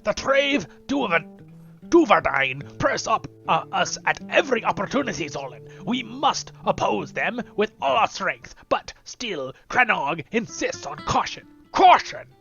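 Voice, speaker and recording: Brief: solemn male tribal envoy in a game, read by a male player, lively pitch. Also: unhurried, muffled recording, faint music behind, heavily acted.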